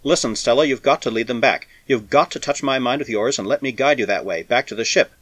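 A man's voice: mid-range voice, fast, dry recording, natural voice. Man voicing a harsh, battered space adventurer. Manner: harsh, forceful, urgent. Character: weary battered adult male spacer, savage and stubborn.

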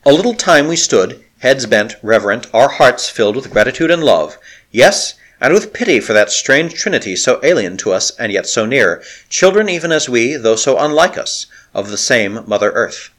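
A man's voice: mid-range voice, normal speed. Man narrating an adventure novel with dramatic flair. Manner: dramatic, expressive storytelling. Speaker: audiobook narrator.

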